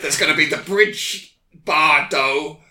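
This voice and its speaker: A man joking deadpan as a guest on a comedy podcast. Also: on the high side, slow. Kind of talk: casual comedic chat. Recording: echoey room with noise.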